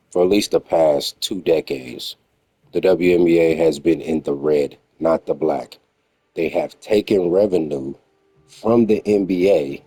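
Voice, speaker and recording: A man's voice: very deep voice, mellow, husky, no room sound. A man giving blunt, emphatic reaction commentary in a lecturing tone.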